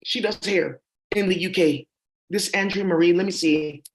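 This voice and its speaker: A woman vlogger speaks directly to her viewers in a rambling, accusatory monologue loaded with ums and uhs. Her voice is fairly low and her pace moderate.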